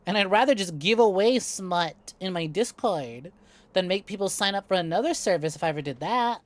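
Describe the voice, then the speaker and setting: A woman's voice: mid-range voice, expressive, fairly quick, no room sound. A woman streaming a co-op game, telling rambling, profane stories to her chat in casual talk. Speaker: VTuber streamer.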